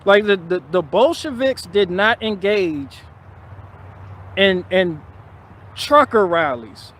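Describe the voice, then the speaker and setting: A man's voice: high-pitched, expressive, takes it slowly, fairly bright tone, slight background noise. A man ranting profanely and bluntly on a live stream, circling back over his phrases. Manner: repetitive, restarting phrases. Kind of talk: casual live-stream rant.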